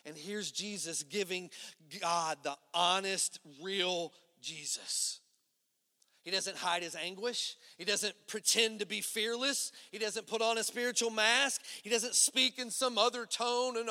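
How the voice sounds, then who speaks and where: A man preaches a sermon with a high, bright voice that rings out in a church hall with a long reverb. He talks to the congregation conversationally, pushing some lines out loud and dropping others to a low hush. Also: measured pace. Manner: conversational preaching, swinging between loud emphatic and hushed low delivery. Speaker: pastor.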